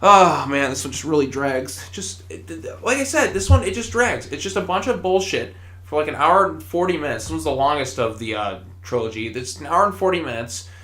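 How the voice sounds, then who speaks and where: A man's voice: fairly high pitch, lively intonation, brisk, sharp tone, roomy sound. A man giving a casual, exasperated film review, swearing often and restarting his sentences. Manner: exasperated, profane, stammering restarts.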